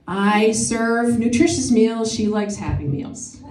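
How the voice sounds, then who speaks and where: A woman's voice: a little high, lively intonation, slow, darkish tone. A woman in her forties doing a chatty, self-deprecating stand-up set, laughing at her own jokes, with no microphone at a live show. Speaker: stand-up comedian and emcee. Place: comedy show venue with live audience. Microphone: no microphone, picked up from afar. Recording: echoey room picked up from a distance.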